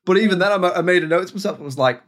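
A man's voice: high voice, racing. A man co-hosting a casual film podcast, rambling and laughing as he talks. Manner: rambling, laughing, full of restarts. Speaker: podcast co-host.

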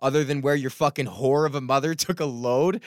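Swearing constantly, a medium-voiced stand-up from Edmonton, Canada rambles through a solo rant as host of his podcast, stopping and restarting with lots of fillers. The studio-quality sound has no echo.

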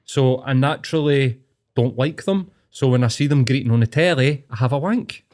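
A man's voice: mid-range voice, moderate pace, darkish tone. A young Scottish man hosting a podcast, giving blunt, sweary, opinionated rants in casual chat. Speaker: podcast host.

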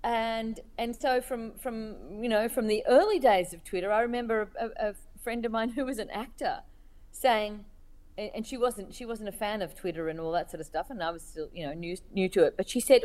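A woman cartoonist being interviewed, speaking thoughtfully with many pauses, fillers and restarts. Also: on the high side, darkish tone. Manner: hesitant, many restarts and fillers, laughs while telling stories.

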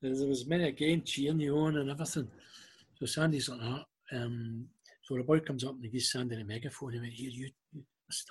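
A middle-aged Scottish man tells a long anecdote in a relaxed, chatty way, acting out the other people's lines as he goes. His voice is exceptionally smooth and clear at an ordinary male pitch. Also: fairly quick. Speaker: guest. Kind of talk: casual storytelling.

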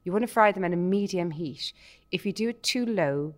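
A woman's voice: fairly low pitch, lively intonation, fairly quick. A woman guest in casual chat, enthusiastic, talking through food and a recipe step by step with many restarts.

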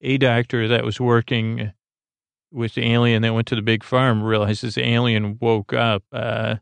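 A man's voice: medium pitch, little pitch movement, a little slow, gravelly, clear, resonant tone, no room sound. A man hosting a sleep podcast, casually retelling a story in a meandering way full of "uh" and "like". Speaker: podcast host.

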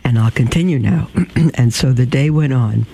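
Gravelly man reading a storybook aloud. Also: medium pitch, dark tone, rough recording. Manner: measured, unhurried reading with small slips and throat clearing.

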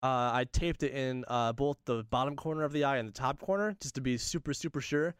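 A young man telling a funny story in casual chat, animated and laughing often, acting out the voices of the people in it. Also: mid-range voice, fairly quick, smooth, no room sound, studio quality.

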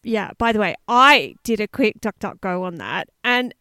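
A woman's voice: medium pitch, lively intonation, normal speed, pushed and bright, no echo, studio quality. A woman co-hosting a podcast, chatting casually and telling a story with lots of asides. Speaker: podcast co-host.

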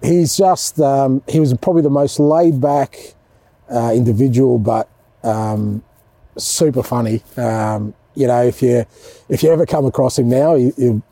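Australian manager type, middle-aged, dark mellow husky tone, chatty and laughing. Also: male voice, medium pitch, measured pace, no room sound. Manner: chatty, animated, laughs often, says mate a lot. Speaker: football club manager. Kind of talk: casual chat.

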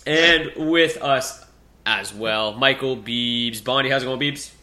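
A man's voice: mid-range voice, takes it slowly, pushed and bright. A man hosting a casual hockey podcast, chatting loosely with laughs and fillers. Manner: laughs easily, many fillers. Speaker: podcast host.

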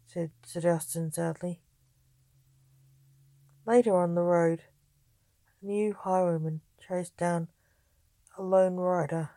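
Slow-reading woman storyteller. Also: fairly low pitch, fairly even intonation, warm tone, dry recording.

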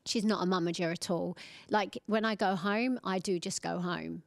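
A woman in her forties, an interview guest, chatting warmly and acting out quoted voices in her stories. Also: on the low side, fairly even intonation, moderate pace, creaky, dry recording. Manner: chatty, warm storytelling, acts out quoted voices. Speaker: guest, singer. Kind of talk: casual interview chat.

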